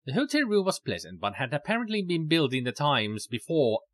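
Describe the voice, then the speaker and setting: A man reading out the game's narration as a reserved, observant gentleman, in a measured delivery. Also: fairly high pitch, big pitch swings, no room sound, pitched above the performer's own voice. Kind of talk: reading game narration aloud.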